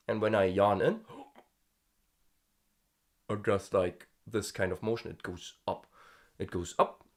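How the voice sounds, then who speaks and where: A man hosting a casual vocal-practice diary, chatty and self-amused, thinking aloud with fillers. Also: on the low side. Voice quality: gravelly fry in the voice. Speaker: host.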